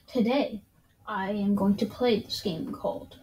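A woman's voice: mid-range voice, unhurried, mellow. A woman giving playful let's play commentary over a game, reacting aloud and humming dramatic suspense stings. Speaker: gamer.

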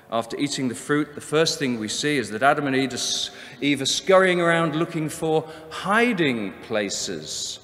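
Brief: a male seminar speaker with a slow, lively delivery in a hall with a long reverb. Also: mid-range voice. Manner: emphatic, rhetorical questions, measured repetition. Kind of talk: Bible seminar talk. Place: convention hall.

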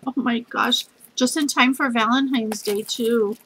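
A woman's voice: fairly high pitch, takes it slowly, a bit bright, slight background noise, low-quality recording. A middle-aged woman, gushing as she unboxes a craft gift package for her channel. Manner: gushing, effusive, says y'all.

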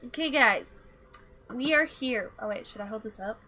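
A woman's voice: a little high, animated, moderate pace, crowd noise. A woman co-hosting a game stream, dramatically guiding her friend step by step through the route. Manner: bossy, dramatic, gives directions step by step. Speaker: co-host guiding the player. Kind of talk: casual gameplay chat.

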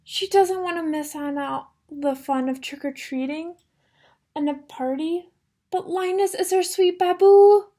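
High-voiced teacher reading a picture book. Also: female voice, unhurried. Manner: animated storyteller, gasps, asks the children questions. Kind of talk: reading a picture book aloud to young children.

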